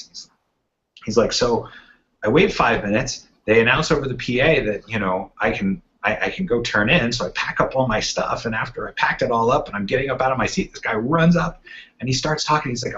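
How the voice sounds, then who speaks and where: A man's voice: mid-range voice, lively intonation, brisk, a bit bright. A man co-hosting a gaming podcast, telling long rambling anecdotes and acting out what people said. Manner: rambling anecdotes with acted-out quotes. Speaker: podcast co-host. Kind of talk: casual storytelling chat. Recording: muffled lo-fi podcast audio.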